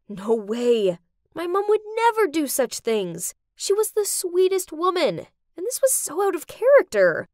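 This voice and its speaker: Young woman narrating an animated story, high voice, really dramatic, dry close sound. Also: measured pace, dry recording.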